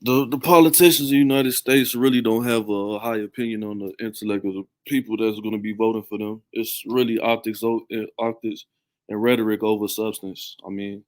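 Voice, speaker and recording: A man's voice: on the low side, fairly even intonation, a little fast. Hesitant man on a podcast. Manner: hesitant, filler-heavy. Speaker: podcast co-host. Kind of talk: casual opinion chat.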